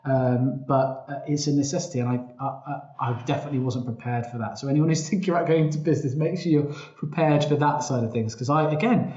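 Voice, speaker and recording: A man's voice: medium pitch, fast, hardly any pauses, darkish tone. Chatty man in a roomy room. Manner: chatty, self-quoting, frequent restarts. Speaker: podcast guest, travel company founder. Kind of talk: casual interview storytelling. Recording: roomy, slightly dull sound.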